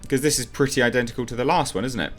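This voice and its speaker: Over soft background music, a man with a mid-range voice races through a casual reaction to a movie trailer. He's opinionated and rambling, thinking aloud with plenty of ums.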